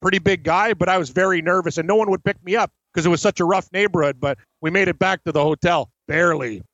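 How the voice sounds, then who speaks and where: A high-voiced man co-hosts a sports talk show, chatting easily and chiming in with quick agreement. His sound is dry and a little dull and lo-fi. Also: fairly bright tone, no room sound. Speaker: sports betting show co-host. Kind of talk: casual chat.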